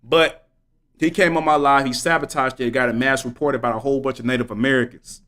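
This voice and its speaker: A man in mid-range pitch holds forth to his live viewers, fervent and preachy. He talks in slang and hammers his points by repeating them. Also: steady tone, fast, fairly bright tone. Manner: slangy, repetitive emphasis. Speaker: livestreamer. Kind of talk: live stream commentary.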